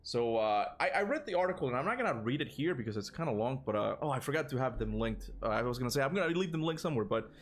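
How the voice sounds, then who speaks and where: A gaming channel host with a mid-range, animated voice talks quickly with few pauses over slight background noise. Running a casual livestream, he rambles with many fillers and restarts, laughs often, and burps after lunch.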